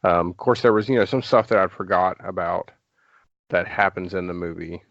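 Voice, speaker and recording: Low-voiced rambling man, dry lo-fi podcast. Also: normal speed, fairly bright tone, dry recording. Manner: rambling, many fillers and restarts. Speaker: podcast guest. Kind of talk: casual podcast chat. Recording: dull lo-fi podcast audio.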